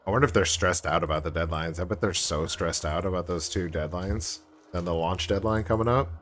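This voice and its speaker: A man's voice: low-pitched, a little fast, fairly bright tone, slight background noise. A man streaming a game, chatting casually in a rambling way with joking asides. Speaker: gaming streamer. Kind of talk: casual chat while gaming.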